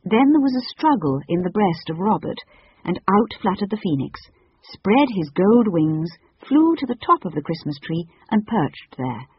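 A reader narrating a children's storybook in an even, measured way. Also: mid-range voice, breathy edge, no room sound. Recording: dull lo-fi audiobook recording.

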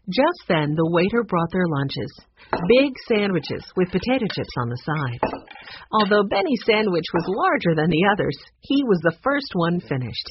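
A woman reads a children's chapter book aloud in an expressive, storytelling way. Her voice is fairly low, husky and very lively in pitch. The recording has a dull, lo-fi sound. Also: moderate pace, dry recording. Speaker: audiobook narrator.

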